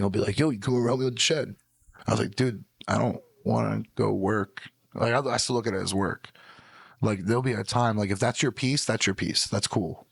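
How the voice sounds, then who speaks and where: Gravelly low-voiced man chatting loosely. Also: no room sound. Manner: loose, rambling, peppered with "like". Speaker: podcast guest, musician. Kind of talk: casual chat.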